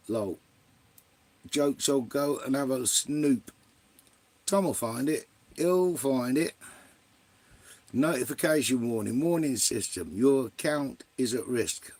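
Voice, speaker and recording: A man's voice: medium pitch, gravelly, a little mellow. A man hosting a live stream in casual chat, greeting viewers by name and swearing freely.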